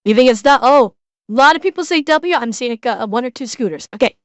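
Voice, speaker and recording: A woman's voice: fairly high pitch, animated, quick pace, no room sound, highs cut off. A woman from Chicago with a Midwestern American accent, casually chatting with her chat while reacting to a video as a streamer. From Chicago, USA.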